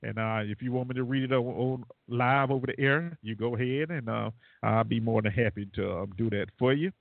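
A man with a gravelly, mid-range voice hosts a casual call-in radio talk show, talking briskly, rambling, and laughing at his own jokes. The internet radio line sounds dry and phone-like, with no room sound.

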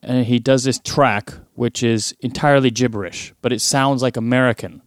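A man's voice: medium pitch, steady tone, normal speed, dry recording, clean studio sound. A man co-hosting a podcast in casual, chatty talk, swearing now and then. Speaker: podcast co-host. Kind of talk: casual chat.

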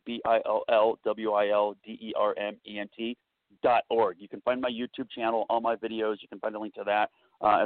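A man talks as a guest in a quick, rambling way with plenty of fillers. His voice sits at a mid pitch, and the sound is dry and squeezed into a thin phone-like band. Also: dry recording. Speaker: guest personal development coach. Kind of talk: casual chat. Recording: tinny dry phone line.

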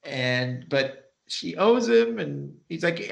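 A man's voice: on the high side, takes it slowly, creaky, hardly any pauses. A man, chatting casually as a podcast co-host and acting out scenes as he retells them. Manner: animated, acts out characters' lines while retelling scenes. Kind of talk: casual chat recapping a TV episode.

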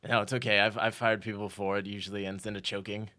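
Deadpan bright-voiced man. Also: fairly low pitch, fast. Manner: dry, deadpan. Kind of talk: improvised comedy sketch.

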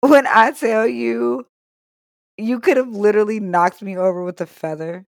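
A young woman co-hosting a casual podcast, spinning a story with profane, animated energy and quoting people as she goes. Her voice has a gravelly, fry-laden edge. The sound is close and dry. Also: on the high side, normal speed, no echo. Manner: animated, profane, laughing storyteller who acts out quotes. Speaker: podcast co-host.

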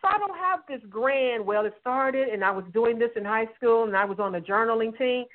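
A woman's voice: on the high side, steady tone, normal speed. A woman guest author sharing candid personal testimony in an emphatic, heartfelt way over the phone. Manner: emphatic and heartfelt, quotes dialogue. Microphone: telephone call-in. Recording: tinny phone line.

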